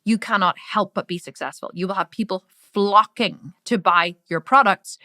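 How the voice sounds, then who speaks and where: Irish woman, middle-aged, loud and brash, sharp bright voice, dry close sound. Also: mid-range voice, moderate pace, no echo. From Ireland. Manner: loud, brash, swears freely. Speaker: business coach. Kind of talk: live training talk.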